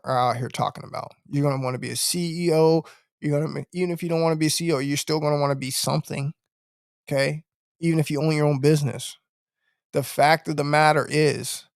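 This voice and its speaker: Guy ranting on his podcast stream, blunt and preachy, kinda high voice, dry sound. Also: gravelly, dry recording. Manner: blunt, preachy, swears, repeats "bro, okay?". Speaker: podcast host. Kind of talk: live-stream podcast monologue.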